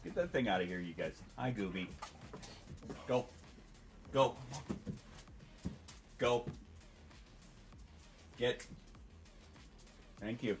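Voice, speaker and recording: A man's voice: mid-range voice, drawn-out words, long pauses, faint music behind. A man chatting casually on a live stream, loose and profane, talking to his pets between comments.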